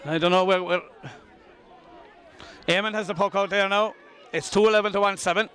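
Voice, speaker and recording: An Irish man giving live, openly partisan commentary on a hurling match outdoors, excitable and often shouting. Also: sits high, fairly quick. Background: crowd and outdoor ambience.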